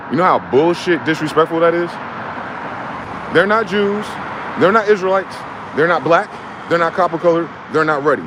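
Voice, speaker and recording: Profane ranting man outdoors by traffic. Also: high voice. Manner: profane, confrontational, repetitive rhetorical questions. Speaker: vlogger. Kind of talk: angry ranting monologue.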